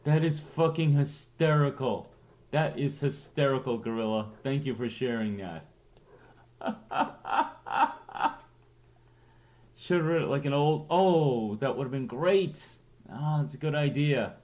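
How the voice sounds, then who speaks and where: A man's voice: medium pitch, expressive, slow pace, darkish tone, muffled recording. A man chatting casually on a late-night livestream, rambling and reading aloud to his viewers. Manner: rambling, reads aloud with laughs.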